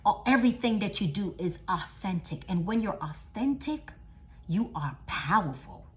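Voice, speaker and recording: A middle-aged woman giving a motivational talk, emphatic and repetitive, swinging from loud declarations to hushed lines. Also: medium pitch, lively intonation, normal speed. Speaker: motivational speaker.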